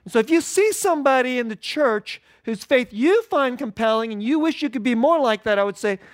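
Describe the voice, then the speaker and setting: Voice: mid-range voice, animated, a little fast, no echo. A pastor preaching in a dry room. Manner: informal, repeats key phrases, chuckles often. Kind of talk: conversational sermon. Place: church service.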